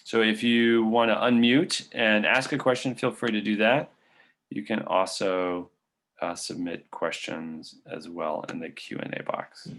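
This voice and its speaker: Low gravelly man answering questions. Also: fairly even intonation, measured pace, a bit bright. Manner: conversational, thinks aloud with frequent fillers. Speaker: physician presenter.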